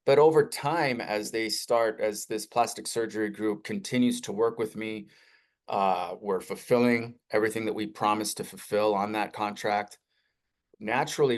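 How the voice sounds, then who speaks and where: A man presenting a live webinar software demo in an energetic, conversational sales style. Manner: energetic, conversational salesy pitch with rising emphasis.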